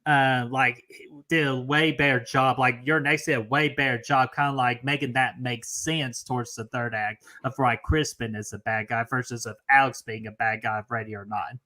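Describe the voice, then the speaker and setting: A man's voice: mid-range voice, steady tone, moderate pace, pushed and bright. A man co-hosting a casual live-stream movie debate, talking with many fillers. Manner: filler-heavy, lots of "like", laughs easily.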